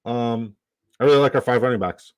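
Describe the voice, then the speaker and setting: A man's voice: mid-range voice, brisk, darkish tone, smooth, no echo. A man from Canada hosting a live stream in casual chat, rambling, swearing and repeating himself.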